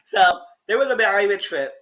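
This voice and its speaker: A man recaps reality TV in a loose, chatty way, dishing on the cast like gossip with friends. His voice sits high and bright, with a sharp edge. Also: expressive, brisk. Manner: gossipy and dramatic, talks to the audience as "girl". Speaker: TV recap vlogger. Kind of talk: casual reality-TV recap commentary.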